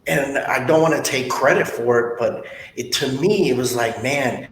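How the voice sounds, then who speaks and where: A man hosting a podcast interview, talking bluntly and motivationally with stories from his own life. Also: normal speed. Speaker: podcast host, sales trainer. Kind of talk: casual interview talk. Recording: echoey room with faint rumble.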